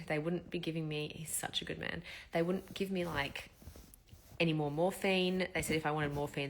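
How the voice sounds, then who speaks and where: A woman's voice: deep voice, fairly bright tone, slight background noise. A woman, chatting bluntly and expressively while recovering from surgery. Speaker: vlogger. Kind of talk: casual storytelling.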